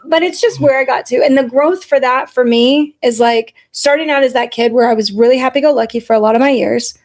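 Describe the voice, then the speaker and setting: A woman's voice: high voice, fairly quick. A woman in her forties, a podcast host telling candid stories in casual chat, blunt and profane. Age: 40s. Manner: blunt and profane, animated storytelling.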